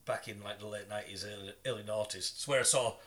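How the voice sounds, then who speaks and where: Bright-voiced podcast host. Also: male voice, fairly low pitch, fast. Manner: animated, laughs often, swears. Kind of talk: casual storytelling chat.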